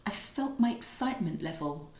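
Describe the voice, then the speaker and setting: A woman's voice: lowish voice, lively intonation, normal speed, reverberant. A middle-aged woman co-hosting a podcast, chatting and telling stories with lots of restarts. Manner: chatty, warm storytelling with restarts. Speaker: podcast co-host and author. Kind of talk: casual chat. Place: kitchen.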